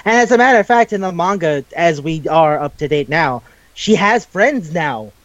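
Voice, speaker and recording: A young man co-hosting a casual talk show. He retells scenes in an animated way, acts out the characters and swears freely. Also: fairly high pitch, normal speed, no echo. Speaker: podcast co-host. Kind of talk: casual chat. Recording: dull dry lo-fi mic.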